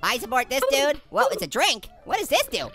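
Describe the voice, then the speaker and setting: A squeaky giggling cartoon gamer. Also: male voice, a little fast, full character voice. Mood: giddy. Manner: giggles constantly, excitable squeals. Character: giggly earless cartoon gamer character, hyper and silly. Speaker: gaming host. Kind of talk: comedic gameplay commentary.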